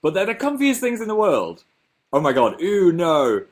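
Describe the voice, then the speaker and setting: A man's voice: a little high, wildly swooping pitch, unhurried. A young man with a Northern English accent, casually chatting on his own livestream and reading out viewer comments in a chatty, self-mocking way. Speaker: livestream host.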